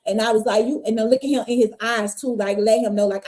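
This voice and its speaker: A woman's voice: on the high side, fast, hardly any pauses. A woman, guest on an interview podcast, telling her life story candidly and acting out the people in it. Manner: animated, acts out voices in her stories.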